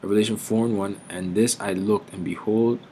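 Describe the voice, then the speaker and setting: Slangy man teaching scripture, low voice. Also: fairly even intonation, warm tone, a little hiss or hum, poor audio. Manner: street slang, profane, reads scripture slowly and deliberately. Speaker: Bible teacher. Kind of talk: informal Bible teaching.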